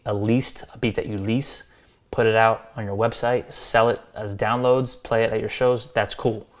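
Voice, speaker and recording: An American man reviewing subscribers' music, talking loosely with restarts and friendly advice. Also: mid-range voice. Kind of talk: casual spoken critique.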